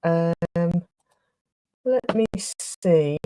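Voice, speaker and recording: A woman hosting a craft livestream in casual chat, flustered and restarting her sentences, with a slightly rough throat. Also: sits low, normal speed, darkish tone, no echo, low-quality recording. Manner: chatty, flustered, trailing off and restarting.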